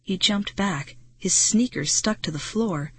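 A woman narrating a children's audiobook in a brisk, dramatic storytelling manner. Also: mid-range voice, a bit bright, breathy edge, no room sound. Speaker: audiobook reader.

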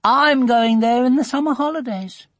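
A man voicing a bossy, blunt young schoolgirl in an audiobook, with a husky edge. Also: very high-pitched, moderate pace, a bit bright, dry recording, pitched above the performer's own voice. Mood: eager. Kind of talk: audiobook character reading.

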